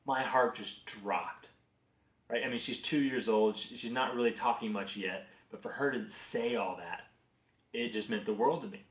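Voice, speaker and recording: A man's voice: fairly low pitch, moderate pace. A man in his thirties, a business executive, sharing career lessons through earnest, conversational personal stories. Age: 30s. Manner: conversational, earnest, animated in anecdotes. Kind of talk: reflective personal storytelling and advice. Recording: roomy echo.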